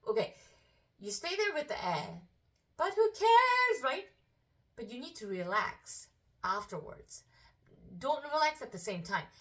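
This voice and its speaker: A female vocal coach giving a singing lesson, explaining slowly in casual speech and breaking into sung phrases to demonstrate. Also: mid-range voice, big pitch swings, fairly bright tone, far from the mic. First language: Korean.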